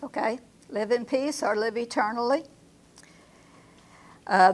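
A woman leading a Bible study class, reading verses slowly and asking her group questions. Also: fairly high pitch.

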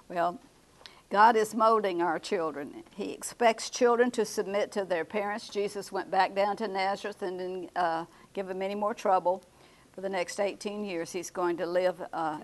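Older woman, Bible study teacher; conversational, chuckles, echoes the class. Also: medium pitch. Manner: conversational, repeats class answers, chuckles often.

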